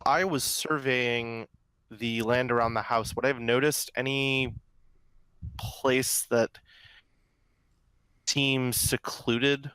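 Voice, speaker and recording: A man playing a tabletop game, asking hesitant, unhurried questions. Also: mid-range voice, steady tone, a bit bright, clear, resonant tone. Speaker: player. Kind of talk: casual chat.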